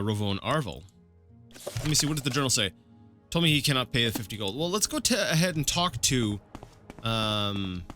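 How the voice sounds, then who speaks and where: Let's play host, male, lively bright voice, meandering unscripted commentary over faint game music. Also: on the high side. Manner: rambling, thinking aloud with many fillers. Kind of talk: casual gameplay commentary.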